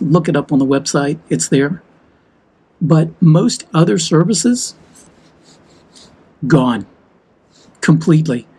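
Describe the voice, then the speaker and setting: A man's voice: on the high side, darkish tone, breathy edge, low-quality recording. A man from the United States talking heatedly and emphatically in a walk-and-talk vlog. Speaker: vlogger.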